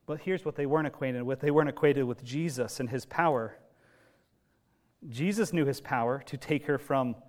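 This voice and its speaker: A man preaching a sermon as pastor, telling the story in a lively, conversational way with casual asides. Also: medium pitch.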